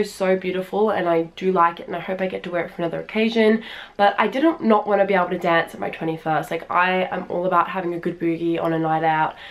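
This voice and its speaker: Gushing young Australian woman. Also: on the low side. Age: early 20s. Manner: chatty and gushing, many fillers. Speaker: fashion vlogger. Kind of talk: try-on haul chat. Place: at home.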